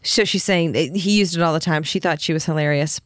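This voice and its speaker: A woman's voice: deep voice, fairly quick, dry recording, clean studio sound. A woman co-hosting a casual chat, reading from an article and acting out the quotes with giggles. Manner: reads article aloud, giggly, animated quoting. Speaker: podcast co-host.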